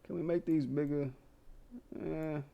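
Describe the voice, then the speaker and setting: Guy hosting a commentary show, cussing a lot, fast and animated. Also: a little high, gravelly, narrow, tinny audio. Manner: profane, animated storytelling with laughs. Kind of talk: casual commentary.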